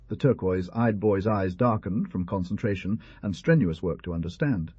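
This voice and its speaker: Man narrating an audiobook, husky and low. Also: normal speed, few pauses, warm tone, no echo. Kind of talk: scripted storybook narration. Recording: dull, dry lo-fi recording.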